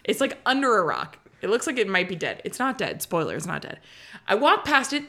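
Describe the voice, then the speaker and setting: Animated, bright-voiced woman storyteller. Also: mid-range voice, brisk. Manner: animated storytelling with bursts of silly loud voices. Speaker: podcast co-host. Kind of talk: comedic casual chat, reading listener posts.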